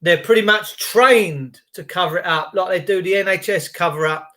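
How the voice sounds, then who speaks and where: A man's voice: sits high, normal speed, bright, forceful tone. A middle-aged man rambling on a morning livestream, greeting viewers by name and swearing casually. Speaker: livestream host.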